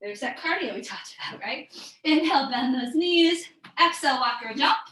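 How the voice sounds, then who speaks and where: A woman's voice: high voice, expressive, normal speed, bright, forceful tone, echoey room, rough recording. Upbeat woman calling yoga poses. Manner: upbeat, encouraging, calls out breaths and poses. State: a bit out of breath. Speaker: yoga instructor. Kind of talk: live online yoga class cues.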